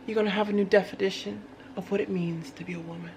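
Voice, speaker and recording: Sultry french-accent diva lady, a woman doing her alter ego, slow and dramatic. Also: medium pitch, fairly even intonation, creaky, darkish tone, a little hiss or hum, natural voice. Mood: sultry teasing. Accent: put-on French.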